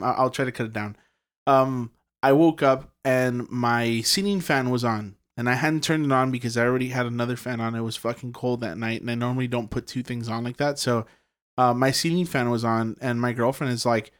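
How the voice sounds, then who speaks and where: A young man in casual conversation, telling a long personal story. His speech rambles with constant fillers and frequent swearing, at an ordinary pitch for a man. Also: steady tone, moderate pace. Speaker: podcast guest telling a ghost story.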